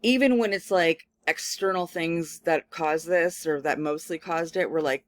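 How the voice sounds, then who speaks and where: A woman professor giving a lecture, telling a personal story in a casual, animated way with many filler words. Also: deep voice, unhurried, few pauses, dry recording. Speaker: communication studies professor. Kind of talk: recorded lecture with personal anecdote.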